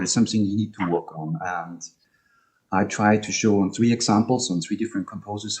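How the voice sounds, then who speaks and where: Very low-voiced man giving an online academic talk. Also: darkish tone. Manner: hesitant, many ums and restarts. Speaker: speaker presenting on music and poetry. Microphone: video call.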